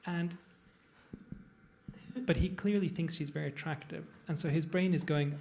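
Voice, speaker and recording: A man's voice: fairly high pitch, steady tone, normal speed, pauses often, darkish tone, a little hiss or hum. A man, a plastic surgeon, talking casually on a panel to a live audience, digressive and self-deprecating. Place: event room with an audience.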